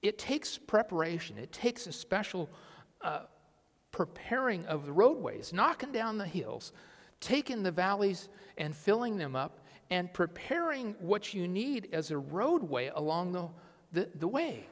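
Male pastor, high voice, lively sermon full of questions, long hall reverb. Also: unhurried. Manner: animated, asks the congregation questions.

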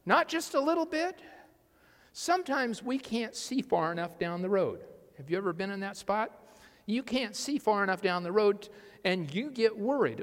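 Male pastor, high voice, lively sermon full of questions, long hall reverb. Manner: animated, asks the congregation questions.

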